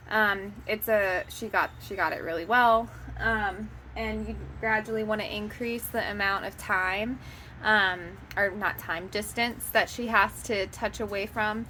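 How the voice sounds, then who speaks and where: A woman dog trainer calmly explaining puppy training, methodical and often pausing to hesitate. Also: medium pitch, slight background noise. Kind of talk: instructional explanation.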